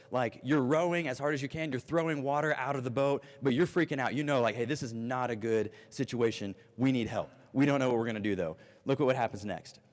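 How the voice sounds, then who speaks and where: A man in his thirties preaching an animated, storytelling youth sermon. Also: medium pitch. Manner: animated storytelling, acts out voices. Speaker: youth pastor. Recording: long reverb of a hall.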